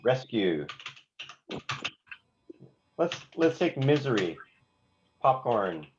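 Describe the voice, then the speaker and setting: A man's voice: mid-range voice, very animated, extremely slow, noisy background. A man teaching a songwriting class, explaining note values with frequent restarts and singing rhythms out on nonsense syllables. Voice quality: hesitant, restarts words, sings rhythms on "da". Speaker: songwriting instructor. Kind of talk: classroom lesson with live demonstration. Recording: slightly dull, lo-fi class recording. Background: faint instrument playback.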